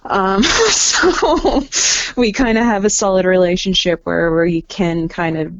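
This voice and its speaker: A woman's voice: mid-range voice, measured pace, dry recording, dull audio. A woman photographer and artist talking in a casual podcast chat, candid and laughing often, with some casual swearing.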